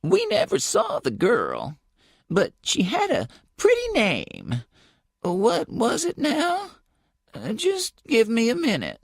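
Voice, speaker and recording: Man voicing an old grieving mother, gravelly voice, slow and searching, dry close recording. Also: very high-pitched, huge pitch swings, no room sound, voice pushed up, heavily acted. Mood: sad, hesitant. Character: old sad gray-haired mother, hesitant. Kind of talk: audiobook character voice.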